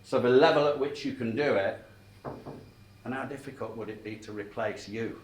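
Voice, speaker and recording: A man's voice: medium pitch, normal speed. Chatty man training a room. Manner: chatty, checks in with the room often. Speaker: sales trainer. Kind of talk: storytelling sales training talk. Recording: echoey room, mic at a distance.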